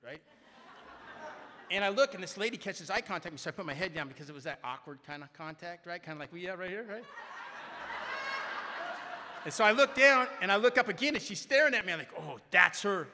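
A man speaking at a recovery meeting, telling a personal story in an animated way and often tagging his sentences with "right?". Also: sits high, brisk, pauses often, a little hiss or hum. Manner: animated, keeps asking "right?". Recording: echoey hall reverb.

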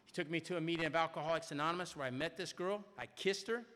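A middle-aged man with a slightly high, bright voice talks fast as he addresses a large recovery meeting in a reverberant hall. He tells a rambling, self-deprecating personal story for laughs, often tacking on "right?".

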